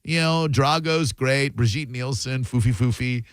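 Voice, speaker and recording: A man's voice: mid-range voice, unhurried, smooth, dry recording. A man hosting a radio show, riffing animatedly in comedic studio banter. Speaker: radio host. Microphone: studio microphone.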